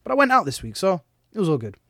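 Lively young London man hosting a podcast. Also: sits high, dry recording, clean studio sound. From England. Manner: playful, excitable, quick to laugh and interrupt. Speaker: podcast host. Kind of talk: casual podcast chat.

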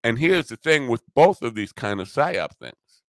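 A man's voice: medium pitch, very animated, normal speed, a bit bright, no room sound. A man hosting a podcast, delivering a profane, sarcastic, opinionated monologue. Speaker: podcast host.

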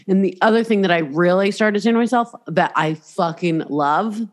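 A woman with a lowish voice speaks at a normal speed while hosting a podcast. She chats casually and candidly, swears freely, and acts out voices as she tells her stories.

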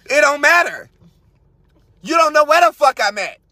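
High, bright-voiced man ranting crudely. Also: sing-song, moderate pace, dry recording. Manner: crude, loud, cracks himself up, trails into mutters. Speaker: podcast host. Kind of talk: profane comedic commentary on a read-out story.

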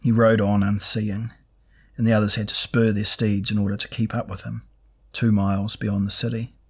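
A man narrating a fantasy novel in a measured, even storytelling manner. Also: lowish voice, breathy edge. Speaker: audiobook narrator.

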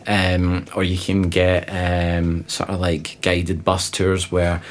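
A man, a guest on an interview podcast, telling lively travel anecdotes in a casual way with laughing asides. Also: sits low, slow. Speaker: interview guest, presenter and explorer. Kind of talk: casual storytelling.

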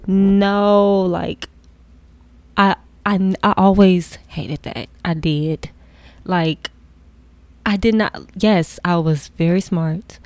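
Young woman, casual storytelling, candid, animated, soft whispered asides. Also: medium pitch, takes it slowly, no room sound.

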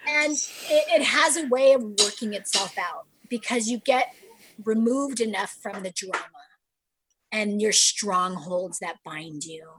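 A woman in her thirties speaking candidly and earnestly about her life, acting out her own inner voice in quick quotes. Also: medium pitch, background noise. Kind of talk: candid personal talk.

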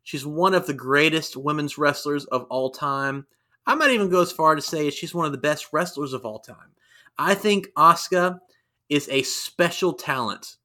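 A man with a bright, fairly high voice co-hosts a casual review chat. He talks animatedly and jumps into raised voices to act out quotes. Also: expressive, moderate pace. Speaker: podcast co-host.

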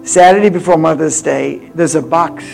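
A woman in her eighties preaching a sermon with personal stories, swinging from loud exhortation to hushed confiding. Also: low voice, moderate pace, creaky, faint music behind. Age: 80s.

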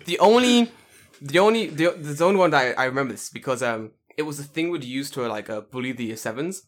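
A young man from the UK chatting casually, excitable and sweary, quick to laugh. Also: a little high. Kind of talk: casual chat.

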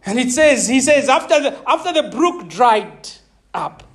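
Woman preaching a sermon, lively and laughing a lot, keeps asking the room if they're with her. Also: sits high, a little slow. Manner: animated, laughing often, checking in with the audience; repeats words when searching for them.

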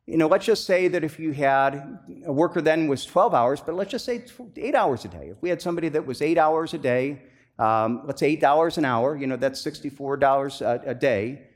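A man's voice: on the high side, animated, a little fast. A man preaching a sermon as pastor, talking conversationally with frequent restarts and fillers, then rising into emphatic bursts.

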